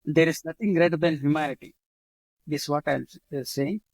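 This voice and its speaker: A man with an Indian English accent, a guest speaking spontaneously in an interview, repeating his motto and pausing often with fillers. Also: a little high, steady tone, dry recording, rough recording. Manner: repeats his slogans, halting with many fillers. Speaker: guest, leadership author.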